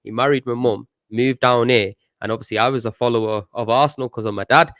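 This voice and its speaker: A young man with a Manchester accent hosts a relaxed football chat, talking in easygoing street slang and friendly banter. His voice is fairly low, and it sounds dry and close, with very little room sound. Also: fast, no echo. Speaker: host.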